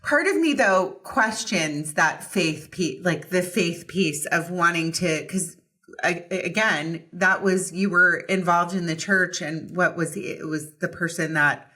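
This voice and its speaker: A woman's voice: lowish voice, unhurried, pushed and bright. A woman hosting a podcast, speaking in an empathetic, reflective way. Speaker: podcast host. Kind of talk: conversational interview. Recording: voice distant from the mic.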